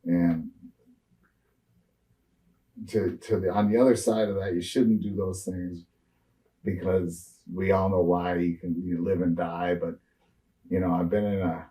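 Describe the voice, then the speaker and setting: A man's voice: low voice, little pitch movement, unhurried, long pauses, dark tone, far from the mic, rough recording. A man in his sixties, a retired wrestler, rambling through road stories in a shoot interview with lots of fillers and restarts.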